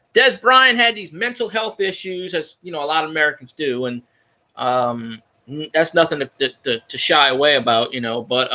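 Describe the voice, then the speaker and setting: High, bright-voiced ranting New man. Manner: profane, heated ranting. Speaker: fan show host. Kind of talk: casual fan talk show.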